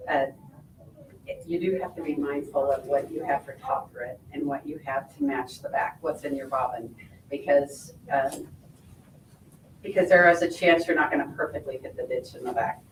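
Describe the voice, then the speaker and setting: A woman's voice: very deep voice, fairly even intonation, moderate pace, recorded from a distance, slight background noise. A woman sewing instructor giving a hands-on quilting demonstration, explaining step by step and checking in with her viewers as she goes. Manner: friendly step-by-step explaining, checking in with "right?" and "okay?". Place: sewing shop or studio. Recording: echoey room, voice from off-mic.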